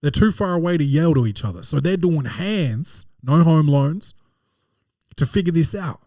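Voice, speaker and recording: A man hosting a podcast, telling a comedic film recap in an animated, profane way. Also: a little high, normal speed, no echo, clean studio sound. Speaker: podcast host.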